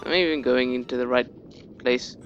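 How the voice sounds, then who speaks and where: A man's voice: mid-range voice, steady tone, normal speed, highs cut off, soft background music. A young man giving casual commentary on a video game, rambling, joking and swearing freely. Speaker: let's play commentator.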